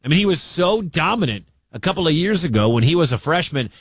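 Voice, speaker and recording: A man's voice: a little high, sing-song, quick pace, a bit bright, slightly rough, dry recording, clean studio sound. A man from the American Midwest hosting a sports radio show, chatting through college football scores and coach clips. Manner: conversational, chatty asides. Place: radio studio.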